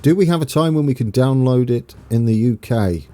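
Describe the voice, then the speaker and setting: A young Englishman with an East Anglian accent streams a game, chatting casually in a warm, medium-pitched voice with lively intonation at a moderate pace. He's self-mocking and laughs often, reading out viewers' names to greet them as he plays.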